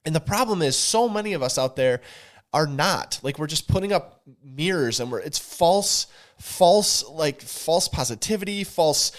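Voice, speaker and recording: A man's voice: fairly high pitch, lively intonation, moderate pace. A man co-hosting a podcast, talking earnestly and preaching a little to his listeners, whom he calls y'all. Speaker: podcast co-host. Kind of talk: candid podcast conversation.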